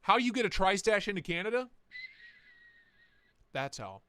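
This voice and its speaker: A man's voice: high-pitched, sing-song, normal speed, sharp tone, slight background noise. A young man hosting a casual livestream, chatting loosely with his viewers, swearing freely and reading their comments aloud. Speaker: livestream host.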